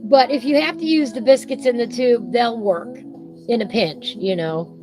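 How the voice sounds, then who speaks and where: A woman's voice: a little high, moderate pace, over music. Folksy woman chatting while coloring. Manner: folksy, rambling, talks while working. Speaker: live coloring streamer. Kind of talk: chatty live stream talk while coloring. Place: home.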